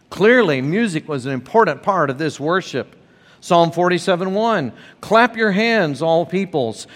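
A man preaching a sermon to his congregation, reading scripture aloud in a measured way. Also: fairly high pitch, fairly bright tone, in a large hall. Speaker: pastor.

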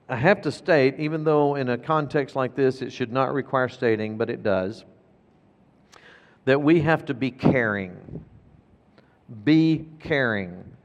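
A man's voice: medium pitch, long reverb tail. A man preaching a sermon as pastor, emphatic and repeating key phrases for weight.

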